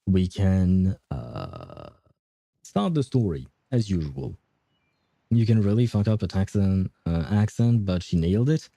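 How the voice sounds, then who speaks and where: A male game streamer with a low, very dark and mellow voice, talking casually between moves. He laughs often and fills gaps with hesitant fillers. The sound is close and dry. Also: sing-song, measured pace, vocal fry, dry recording. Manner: reads and answers chat aloud. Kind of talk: casual live-stream chat while playing.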